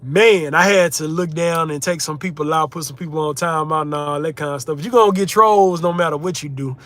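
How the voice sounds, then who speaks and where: Young male streamer with a slightly high voice, relaxed and chatty while reading out comments. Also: fairly quick. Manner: laid-back, chatty, reads viewer comments aloud. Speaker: livestream host, content creator. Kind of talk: casual livestream chat reading comments.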